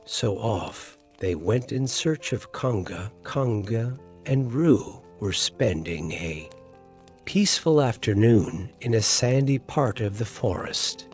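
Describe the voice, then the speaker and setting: Give me a soothing man reading a bedtime story very slowly, faint music underneath. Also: on the low side, lively intonation. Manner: soft, soothing, unhurried. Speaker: narrator. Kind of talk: bedtime sleep story narration. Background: soft music.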